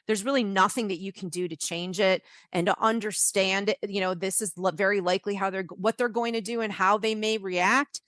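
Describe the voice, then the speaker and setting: A woman's voice: mid-range voice, fairly even intonation, brisk, hardly any pauses, fairly bright tone, no room sound. Chatty woman cohost, dry sound. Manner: rambling, many restarts and "you know"s. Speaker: podcast cohost. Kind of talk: casual advice chat.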